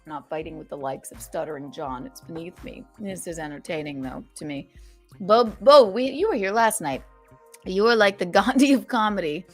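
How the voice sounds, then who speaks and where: Sarcastic, animated woman host on a livestream. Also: normal speed, soft background music. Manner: sarcastic, animated, swears freely, swings from loud outbursts to low mutters. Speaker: streamer and podcast host. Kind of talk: casual livestream chat, reading super chats.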